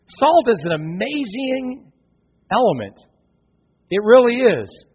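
High-voiced Michigan pastor preaching. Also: male voice, slow, slightly rough. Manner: storytelling, animated, jokey. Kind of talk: sermon. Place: church sanctuary. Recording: dull echoey hall sound.

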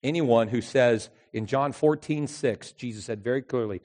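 A youth pastor preaching a sermon in story form, animated, moving between loud emphasis and hushed earnest passages. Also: male voice, medium pitch, normal speed, few pauses.

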